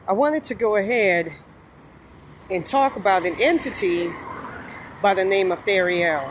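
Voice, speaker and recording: A woman's voice: mid-range voice, expressive, unhurried, long pauses, a little hiss or hum. Rambling New woman vlogging. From New Orleans, USA. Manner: rambling, meandering, frequent fillers. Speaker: spiritual vlogger. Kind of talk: casual monologue.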